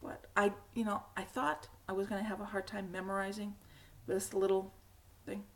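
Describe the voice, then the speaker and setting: A middle-aged woman with a hoarse, cracky voice, hosting a knitting podcast in a rambling, casual chat with frequent laughs. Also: mid-range voice, flat delivery, moderate pace. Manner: chatty, rambling, laughs often. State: hoarse, frog in throat.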